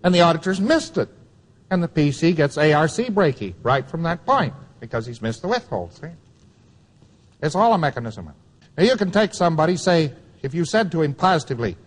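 A man's voice: fairly high pitch, sing-song, brisk, big-room sound. A man giving a taped lecture to students, emphatic and wry, repeating key phrases for weight.

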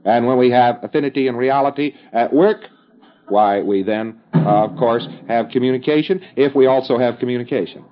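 A man's voice: medium pitch, normal speed, lo-fi sound. A man giving a recorded instructional lecture in a conversational, emphatic way, with folksy asides and fillers.

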